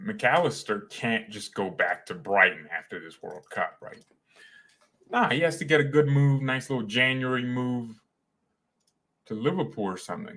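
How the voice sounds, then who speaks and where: A young man hosting a casual fan livestream, talking in an animated, slangy, excitable way. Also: medium pitch, breathy edge. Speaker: fan channel host.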